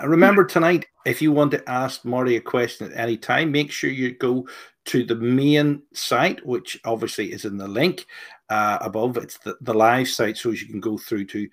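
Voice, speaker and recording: A man's voice: mid-range voice, fairly bright tone. A man hosting a live online show, chatty and playful, reading viewer questions. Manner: chatty, playful, laughs easily. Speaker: show host.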